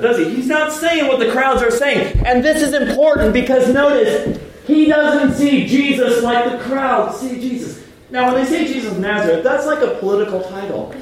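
A man preaching a lively sermon in a casual, slangy way, swinging between loud outbursts and hushed asides. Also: very high voice, moderate pace, background noise. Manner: casual, slangy delivery with frequent laughs. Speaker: pastor. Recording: echoey hall from a distance.

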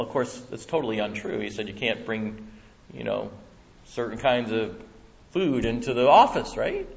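A man preaching a Bible-teaching sermon in an animated way, acting out voices and laughing often. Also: high voice. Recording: muffled lo-fi recording.

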